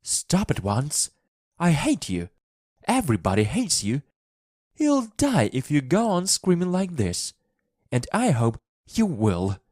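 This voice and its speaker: A cross, bossy little girl with a sharp, scolding edge, as a man reads her in a storybook for English learners. The voice sits high above a man's speaking pitch and swings widely, and it sounds close and dry. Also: very animated, slow pace, dry recording. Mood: furious.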